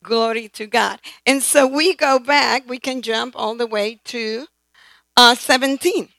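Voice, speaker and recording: A woman's voice: on the high side, measured pace, creaky, pushed and bright, no room sound, rough recording. A woman preacher delivering a sermon, emphatic, often calling out "right?" and "amen?" to the congregation. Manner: emphatic, calls for responses from the congregation.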